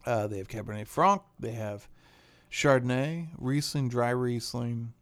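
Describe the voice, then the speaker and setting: A man's voice: mid-range voice, a little slow, fairly bright tone. A man hosting a casual wine podcast, joking and rambling as he talks. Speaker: podcast host.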